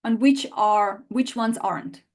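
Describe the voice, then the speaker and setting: A woman leads a live online lesson at an unhurried pace. She reads out student answers and demonstrates sounds by repeating them again and again. Her voice sits a little high. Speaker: language teacher.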